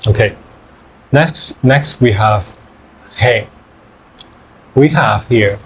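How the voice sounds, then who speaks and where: Slow, patient male teacher. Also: mid-range voice, slight background noise, low-quality recording. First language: Spanish. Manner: patient, repeats each syllable slowly. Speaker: Spanish teacher. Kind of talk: pronunciation lesson.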